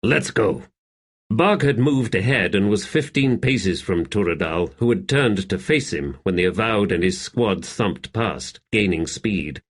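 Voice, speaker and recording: Husky low-voiced male narrator. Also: lively intonation, measured pace, hardly any pauses. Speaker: audiobook narrator. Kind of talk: scripted narration.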